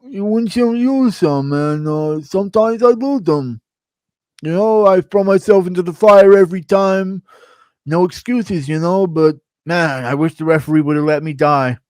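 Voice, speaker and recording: A man's voice: high voice, normal speed, darkish tone, no echo, voice pushed up, lightly acted. A man doing a stoic tough-guy fighter voice. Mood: stoic, shrugging. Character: gruff male fighter, stoic and self-sacrificing.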